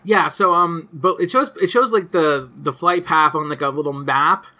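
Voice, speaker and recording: A man's voice: fairly high pitch, normal speed, bright, forceful tone. A man co-hosting a podcast in casual chat, rambling with lots of fillers and casual swearing. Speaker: podcast co-host. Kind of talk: casual chat recapping a cartoon episode.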